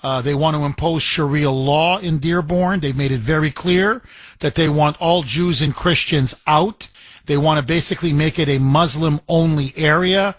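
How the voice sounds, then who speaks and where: Talk radio guy hosting, kinda high voice, dead dry studio mic, keeps firing questions. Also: no echo. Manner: pointed rapid-fire questions to callers. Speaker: radio talk show host.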